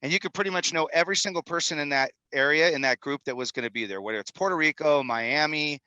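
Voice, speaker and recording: A man in his fifties, a film executive producer, is a podcast guest in a Utah studio, talking energetically and a bit ramblingly. His voice sits on the high side, fast and sharp in tone. The audio is poor but has no echo.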